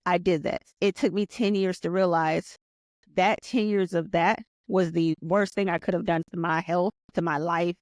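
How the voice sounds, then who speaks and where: A woman in her forties, a podcast guest, telling a personal story in an earnest, animated way, often repeating herself and restarting sentences. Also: on the low side, dry recording. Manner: earnest and animated, reliving events aloud.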